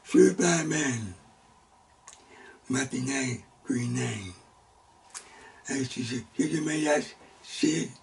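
Set back from the microphone in a church classroom, a man gives a Sunday school Bible lesson with slow, careful delivery. His mid-range voice is gravelly, and he speaks in stop-start fragments with the occasional abrupt, loud exclamation, all captured from a distance.

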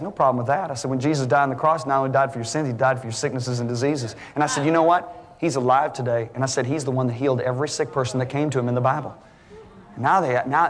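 A middle-aged male preacher giving an animated sermon, full of stories, his voice climbing high for the punchlines. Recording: long hall reverb.

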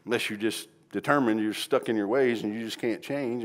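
A middle-aged man, preaching a sermon as pastor in a folksy manner, swinging from quiet pleading to loud exclaiming. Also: fairly low pitch, fairly quick. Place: church sanctuary.

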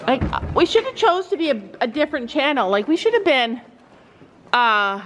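A woman with a slightly high voice talks casually to her handheld camera while out on a cold horse farm. She laughs easily and coos over her animals. Faint background noise sits under her voice. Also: sing-song, moderate pace. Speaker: vlog host. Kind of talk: casual vlog chat.

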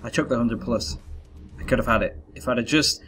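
A man's voice: mid-range voice, fairly quick, fairly bright tone, a little hiss or hum. A young man doing live gameplay commentary, talking to viewers and groaning at his misses. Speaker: gaming YouTuber. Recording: faint gunfire and game sounds.

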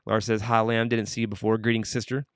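A man's voice: on the low side, flat delivery, fast talker, clear, resonant tone, no room sound, clean studio sound. A man hosting a morning livestream, reading out viewer comments with upbeat greetings, then leading an earnest prayer. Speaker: livestream host. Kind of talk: morning show chat and prayer.

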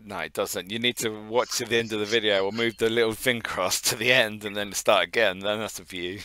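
A man with a Northampton accent co-hosting a casual podcast, relaxed, laughing and swearing freely. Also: fairly low pitch, a little fast. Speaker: podcast co-host. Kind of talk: casual chat.

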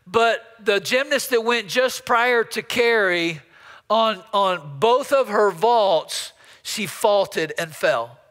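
A man's voice: high-pitched, pushed and bright, smooth, long reverb tail. A man preaching a storytelling sermon as pastor, often repeating words as he builds up a story. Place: church sanctuary.

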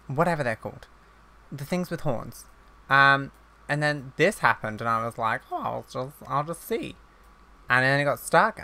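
A man's voice: on the high side, bright, forceful tone. A man giving casual let's-play commentary on his own gameplay, chatty and easily flustered, exclaiming again and again when things go wrong. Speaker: gaming YouTuber.

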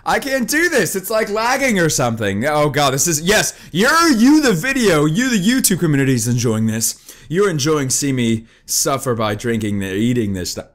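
Excitable young man with lively pitch. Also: normal speed. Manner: excitable, joking, yelps and groans from spicy food. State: eyes watering, voice strained from wasabi. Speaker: gaming YouTuber. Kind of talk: gaming commentary.

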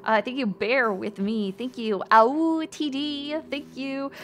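Speaking slowly in a high, fairly bright voice, this female VTuber rambles through a casual stream. She reads chat names aloud and thanks viewers, swearing frequently and laughing often.

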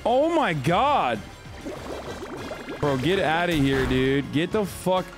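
A man's voice: fairly high pitch, big pitch swings, takes it slowly. A man streaming a game, profanely ranting with an exasperated tone in casual commentary. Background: faint game music.

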